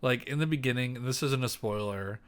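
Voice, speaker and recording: A man's voice: mid-range voice, brisk, clear, resonant tone. A young man co-hosting a podcast in casual chat, rambling with lots of fillers and restarts. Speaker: podcast co-host.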